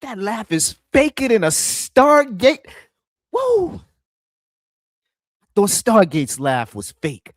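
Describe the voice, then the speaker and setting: A man's voice: sits high, huge pitch swings, slow pace, long pauses, no room sound, clean studio sound. A man doing casual live-stream reaction commentary, loose and profane, often mimicking the voices in the clips he plays.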